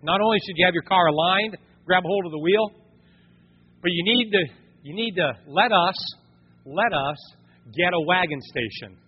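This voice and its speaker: High-voiced male preacher in a reverberant church. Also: moderate pace, breathy edge. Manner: animated, swings from quiet storytelling to loud exhortation. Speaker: pastor. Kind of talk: sermon. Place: church sanctuary. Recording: dull sound, long hall reverb.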